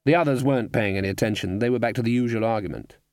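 A man narrating a comic fantasy audiobook in a wry, even delivery. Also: mid-range voice, racing, no room sound, studio quality. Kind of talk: storybook narration.

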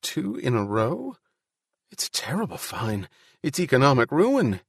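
Casting: anxious bewildered young guy, soft muttering, as the narrator voices him. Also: mid-range voice, huge pitch swings, a little slow, breathy edge, no room sound, studio quality, pitched above the performer's own voice, full character voice. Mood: dazed. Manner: quiet, dazed and worried.

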